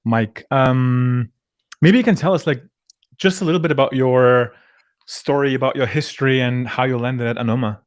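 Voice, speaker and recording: A man hosts a podcast and asks his questions in an easy, somewhat hesitant manner. His voice sits at an ordinary middle pitch. The sound is dry and close to the mic. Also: normal speed, no room sound. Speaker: podcast host. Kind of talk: casual interview chat.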